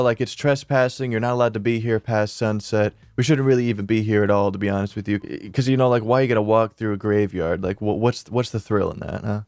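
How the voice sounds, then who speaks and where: A man's voice: lowish voice, no echo. Young guy on a studio mic telling a wild story, swears a lot, dry close sound. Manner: animated, swears a lot, acts out quotes. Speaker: YouTuber. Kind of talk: casual storytelling to camera. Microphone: studio mic on an arm.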